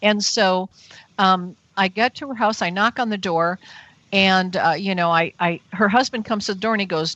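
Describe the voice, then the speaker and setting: A woman's voice: mid-range voice, moderate pace, a bit bright, no room sound. A woman guest on a radio interview show, telling a personal story earnestly and breathlessly. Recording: dull, dry radio show audio.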